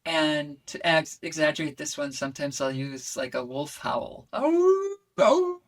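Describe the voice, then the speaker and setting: A woman voice coach who is a guest on a podcast, talking in an expressive, animated way. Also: low voice, normal speed, far from the mic.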